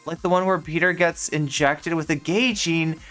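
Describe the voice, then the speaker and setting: A woman streams a game and chats casually, rambling with lots of filler words. Her voice is smooth and clear. Faint game music plays underneath. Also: low voice, steady tone, moderate pace, fairly bright tone. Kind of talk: casual live-stream chat while gaming.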